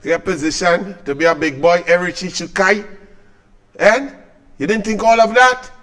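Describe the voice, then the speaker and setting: A man with a Trinidadian accent and a strikingly high voice rants about politics, heaping on scorn and sarcasm. He talks like a combative commentator speaking straight to his audience. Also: moderate pace, a bit bright. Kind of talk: political rant to camera.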